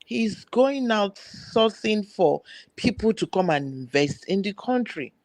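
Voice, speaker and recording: A woman's voice: mid-range voice, expressive, slow pace, darkish tone, no room sound. A woman on a political discussion panel, earnestly defending her view in casual talk.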